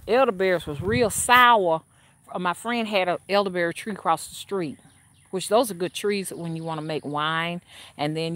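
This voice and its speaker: A woman's voice: on the low side, a bit bright, a little hiss or hum. A woman rootworker hosting a casual livestream, chatting to viewers as y'all and reading their comments aloud, rambling with restarts. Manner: rambling with frequent restarts and fillers.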